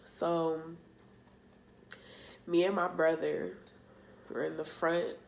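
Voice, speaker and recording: Young woman, storytime vlog, low voice, slow, halting, slangy. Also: flat delivery, gravelly. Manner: emotional, halting retelling with casual slang. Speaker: vlogger.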